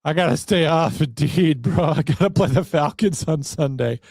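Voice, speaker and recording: A man's voice: fairly high pitch, moderate pace, gravelly, a little mellow, husky, dry recording, studio quality. A man hosting a solo podcast, rambling in a wry, self-deprecating way. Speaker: podcast host.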